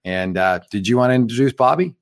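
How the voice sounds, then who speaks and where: A man's voice: medium pitch, fast, vocal fry, no room sound, clean studio sound. A man hosting a casual podcast, reading a disclaimer in an offhand, joking way. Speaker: show host.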